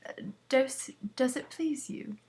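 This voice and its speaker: A woman reading the lines of a sheepish, submissive male city broker in a hushed, pleading way. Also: high voice, takes it slowly, slightly rough, voice pushed up, full character voice.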